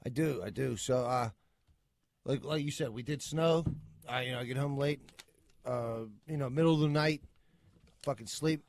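A man's voice: mid-range voice, normal speed, vocal fry, long pauses, dry recording. A man, a father of young kids, telling a story in casual, profanity-laced chat as a podcast co-host.

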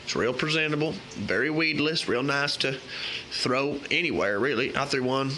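A man's voice: mid-range voice, normal speed, slight background noise, lightly acted. A man playing a folksy male fishing guide in an exaggerated, put-on Southern US country accent. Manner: folksy, animated, hammy.

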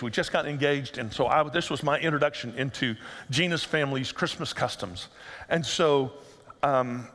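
A man's voice: mid-range voice, a bit bright, long reverb tail. A middle-aged male pastor delivering a sermon in a conversational, humorous storytelling manner.

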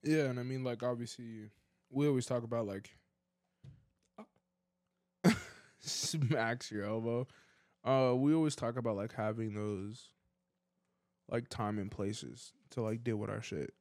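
A man's voice: mid-range voice, measured pace, pauses often, a little mellow, no echo, studio quality. A young man co-hosting a podcast, talking in a supportive, loose way with many fillers. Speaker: podcast co-host. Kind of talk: casual chat.

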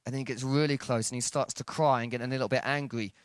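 A man preaching a sermon, telling stories with lively voiced dialogue. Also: fast talker, hardly any pauses, no echo, studio quality. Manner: animated storytelling, acting out dialogue with shifts in pitch and loudness.

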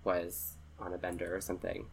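A man co-hosting a podcast, discussing films in a measured, analytical way and often pausing on fillers. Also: deep voice, completely flat delivery, slight background noise. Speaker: podcast co-host. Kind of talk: casual film discussion.

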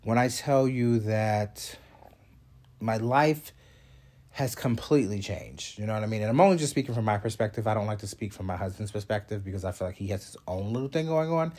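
A man with a lowish, dark-toned, congested voice speaks fairly quickly. He's a show host giving a casual vlog update, rambling chattily with fillers and asides.

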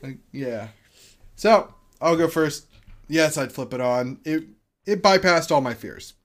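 A man's voice: a little high, measured pace. A man hosting a podcast, chatting casually and stumbling over names as he reads out film credits. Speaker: podcast host. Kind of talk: casual chat.

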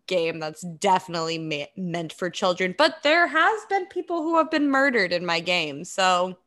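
A woman's voice: lowish voice, big pitch swings, moderate pace, fairly bright tone. A woman co-hosting a podcast in casual chat, rambling and laughing often. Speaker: podcast co-host.

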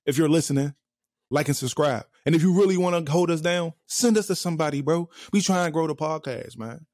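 Animated young man telling stories. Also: brisk. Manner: animated storyteller, acts out his mother in a high voice. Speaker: podcast co-host. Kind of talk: casual podcast chat.

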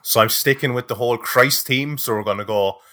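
Producer guy on a podcast, bright voice, deadpan and chill. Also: medium pitch, a little fast. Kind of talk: casual podcast chat.

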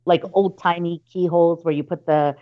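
A woman casually recounts an eerie family tale at a normal pace, frequently tripping up and restarting while imitating her relatives. She speaks a little low, and the audio comes across as somewhat muffled and lo-fi.

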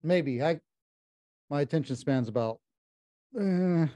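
A man hosting a podcast in a casual, reflective chat, rambling a little as he thinks out loud. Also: a little high, expressive, slow pace, no room sound. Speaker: podcast host.

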